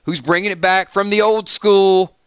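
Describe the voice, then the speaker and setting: A man's voice: high-pitched, normal speed, clean tone, dry recording, studio quality. A man hosting a casual live stream, playfully singing song snippets between chat with viewers. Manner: sings snippets of songs, playful and animated. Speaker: livestream host.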